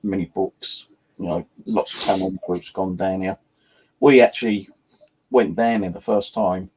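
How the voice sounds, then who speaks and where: A man's voice: lowish voice, darkish tone, slightly rough. A man, hosting his own channel and rambling through ghost stories in casual chat, swearing freely and filling with "you know" and "like". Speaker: channel host.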